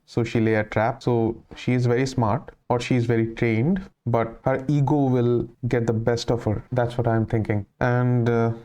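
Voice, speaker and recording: A man's voice: medium pitch, dark tone, clean tone. A man hosting a reaction channel, giving casual, thoughtful commentary and musing aloud as he goes.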